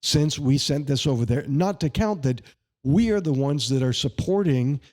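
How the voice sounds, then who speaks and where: A man's voice: fairly high pitch, lively intonation, normal speed, a little mellow. A man answering questions as a candidate in a podcast interview, speaking emphatically, with indignant, sarcastic jabs and chatty anecdotes. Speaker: congressional candidate.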